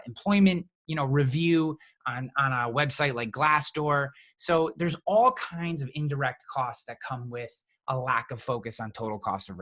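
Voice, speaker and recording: A middle-aged man, an insurance agent, explaining things in a casual, halting way with many restarts. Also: on the high side, pushed and bright.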